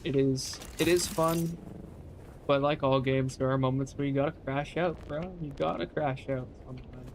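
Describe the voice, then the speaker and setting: A man's voice: mid-range voice, steady tone, normal speed, a little hiss or hum. Laid-back young man streaming a game. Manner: laid-back, swears casually, talks to chat. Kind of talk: casual live-stream chat.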